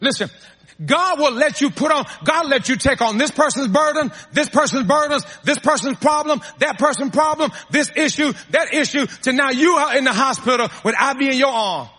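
A man's voice: extremely high pitch, normal speed, pushed and bright, in a large hall. A man preaching a sermon, calling to his congregation and repeating phrases to drive points home.

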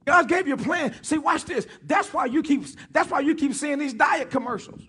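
A man preaching as pastor jokes with his congregation, calls for their responses and repeats key phrases for emphasis. His voice is very high, animated and sharp-toned, at a moderate pace.

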